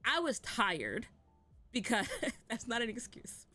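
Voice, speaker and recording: A woman hosting an online comedy panel in casual chat, talking fast and loose with lots of fillers and laughs. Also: a little high, sing-song, bright, forceful tone, faint music behind. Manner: chatty, laughs often, many "like" fillers. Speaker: panel host.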